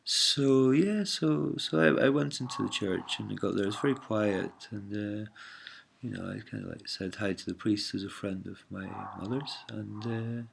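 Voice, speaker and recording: A man's voice: on the low side, normal speed, gravelly, a little hiss or hum. A man telling a personal story in a casual, meandering monologue, hesitant and full of fillers, often calling the listener mate or man.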